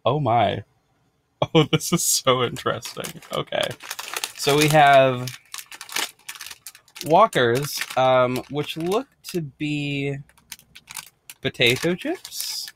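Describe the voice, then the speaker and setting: An American podcast host chatting casually while unboxing, bubbly, rambling and quick to giggle. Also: male voice, mid-range voice, fairly bright tone, slight background noise.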